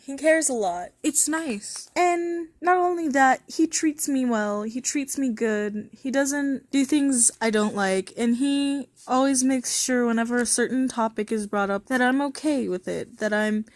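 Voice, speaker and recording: A woman's voice: sits high, measured pace, few pauses, dry recording. A young woman chatting casually on a vlog, rambling and candid, breaking into giggles. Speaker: vlogger. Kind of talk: casual chat.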